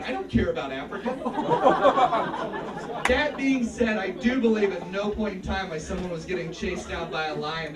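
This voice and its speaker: A man's voice: sits high, normal speed, a loud crowd. A man performing live stand-up in a comedy club, playful and sarcastic, with frequent exclamations. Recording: roomy club, distant mic, loud audience.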